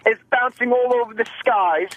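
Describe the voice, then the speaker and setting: Guy on the phone riffing hard, cursing nonstop, doing everyone's lines, kinda high voice, super dry sound. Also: no echo, highs cut off. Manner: profane, rapid, keeps acting out other people's lines. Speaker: phone-in comedian guest. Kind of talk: animated phone-in storytelling. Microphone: phone line.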